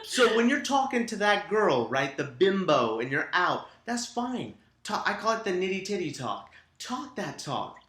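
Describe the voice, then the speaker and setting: A man's voice: high-pitched, bright, forceful tone, reverberant. A man co-hosting a casual podcast, giving frank, crude dating advice with emphasis. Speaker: podcast co-host. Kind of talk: casual chat.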